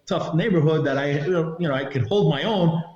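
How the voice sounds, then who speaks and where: A middle-aged man, a retired federal agent, recounting a story in a podcast interview as an animated storyteller who acts out what others said. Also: a little high, moderate pace. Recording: roomy, slightly dull sound.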